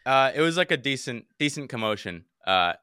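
Animated young man telling a story. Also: mid-range voice, brisk, clean tone, no echo, studio quality. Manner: animated, swears often, acts out quotes. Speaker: podcast co-host. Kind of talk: casual storytelling.

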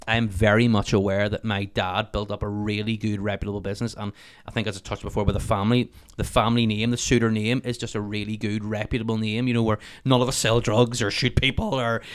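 A man in his thirties with a Northern Irish accent, chatting as a podcast guest, animated and swearing freely. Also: lowish voice, smooth. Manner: swears freely, animated storytelling, rapid talk. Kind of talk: casual interview chat.

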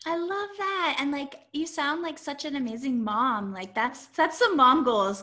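A woman guest talking through her approach to astrology. Her voice sits a little high for a woman and sounds bright. She is animated, laughs easily, and slips into playful quoted voices. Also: a little slow. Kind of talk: explaining in an interview.

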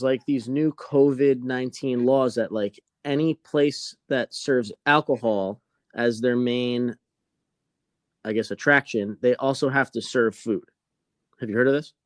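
A man telling a story on a casual podcast, animated and swearing constantly, acting out the people in it. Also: medium pitch, dry recording, studio quality.

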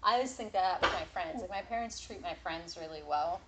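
A woman's voice: lowish voice, a little fast, heavy background noise. A woman in casual podcast chat, talking frankly and thinking aloud, swearing often.

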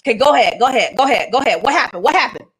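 Bible study host, woman, lively delivery, somewhat high voice, laughs often. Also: rapid-fire, husky, poor audio. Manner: animated, laughing, dramatic asides. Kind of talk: casual livestream Bible study teaching.

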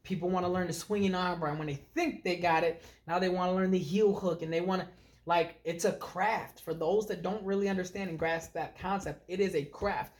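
Animated storytelling man, a bit high. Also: fairly quick. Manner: animated, storytelling, filler-heavy. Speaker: podcast co-host. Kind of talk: casual chat.

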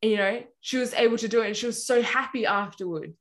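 A woman's voice: on the high side, quick pace. Chatty woman retelling a story. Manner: rambling storyteller, many fillers like "anyway" and "you know". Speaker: Christian ministry guest or host. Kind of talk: casual conversation, retelling a story.

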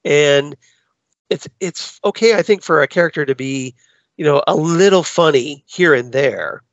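A man's voice: on the high side, animated, measured pace, dry recording. A man co-hosting a podcast, chatting casually about a film in a wry, exasperated way. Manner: wry, exasperated, acts out quoted lines. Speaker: podcast co-host. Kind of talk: casual film review chat. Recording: dull lo-fi audio.

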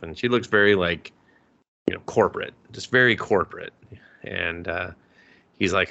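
A man's voice: fairly low pitch, expressive, moderate pace, sharp tone, highs cut off. A man co-hosting a podcast, casually recapping an anime episode in a rambling way, quoting the characters and chuckling now and then. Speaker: podcast co-host.

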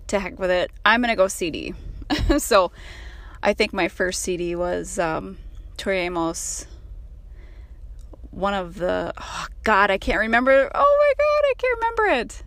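Female podcast host, just woken up, raspy, rambling and chatty, mid-pitch. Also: fairly bright tone. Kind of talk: casual chat.

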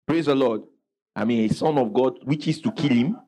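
A man's voice: mid-range voice, moderate pace, a crowd in the background, rough recording. A man preaching a sermon as pastor, calling out questions for the congregation to answer and exclaiming praise.

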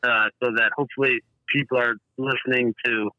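A man's voice: mid-range voice, flat delivery, dry recording. Stuttering man on a dull, dry call. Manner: stutters, halting with repeated words. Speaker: guest, pedal designer. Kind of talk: casual interview. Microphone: remote call.

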